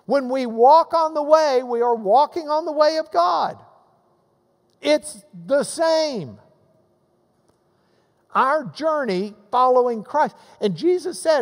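A man preaching a sermon as a pastor, animated, acting out the voices in the passages he quotes. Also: extremely high pitch, slow pace, in a large hall.

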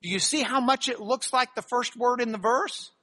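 A preacher giving an expository sermon who reads scripture aloud, leans hard on key words and sounds out Greek terms slowly. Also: mid-range voice, bright, forceful tone. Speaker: preacher teaching a Bible class.

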